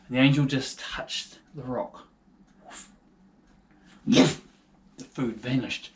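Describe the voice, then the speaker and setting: A man with a New Zealand accent telling a Bible story to children in a casual, playful, animated way. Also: mid-range voice, very slow, long pauses.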